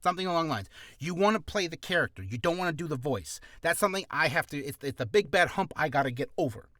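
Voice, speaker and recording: A man's voice: on the high side, lively intonation, fast, fairly bright tone, no echo, studio quality. A man giving a casual voice-acting tutorial in a goofy, rambling, self-deprecating way.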